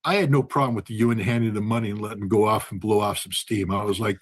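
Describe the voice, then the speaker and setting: A man's voice: on the low side, steady tone, fast talker, few pauses, breathy edge. A man, a former weapons inspector and ex-Marine, telling a story in conversation and acting out the dialogue.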